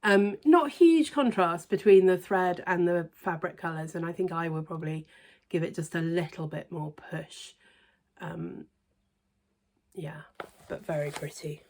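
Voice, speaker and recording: Chatty woman with low-pitched voice. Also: normal speed. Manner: chatty, hesitant with many ums, softens to near-whisper asides. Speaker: cross stitch vlogger. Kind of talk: casual show-and-tell review.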